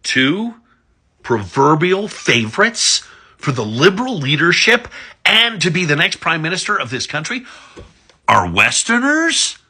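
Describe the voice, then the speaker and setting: A man's voice: sing-song, unhurried, bright, forceful tone, husky. A man from Alberta, ranting about politics in a sarcastic monologue full of swearing. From Alberta, Canada. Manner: sarcastic, heavy swearing, big pitch swings. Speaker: political commentator.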